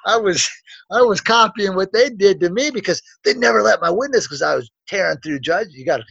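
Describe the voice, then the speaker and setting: A man's voice: high-pitched, animated, a little fast, creaky, fairly bright tone, slightly rough, dry recording. Self-assured, rambling man, lo-fi sound. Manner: rambling, self-assured, many restarts and asides. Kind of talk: casual storytelling in a conversation. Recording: dull, dry, lo-fi sound.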